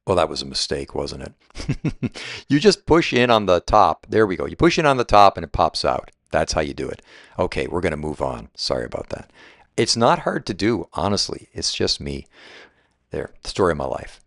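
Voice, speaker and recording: A real estate agent from Southwest Florida gives a walking home tour vlog, moving through a house and out to the pool, chatting enthusiastically about every feature, laughing at his own fumbles in a self-deprecating way, and repeatedly saying "right." His deep, gravelly voice has big pitch swings and a fairly bright tone at normal speed. The audio is studio quality with no echo.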